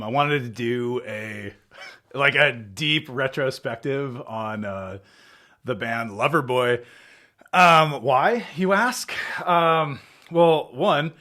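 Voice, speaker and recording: A man's voice: medium pitch, sharp tone. A young man hosting his podcast while hungover, chatting loosely and joking at his own expense with lots of fillers. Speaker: podcast host. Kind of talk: casual rambling chat to camera.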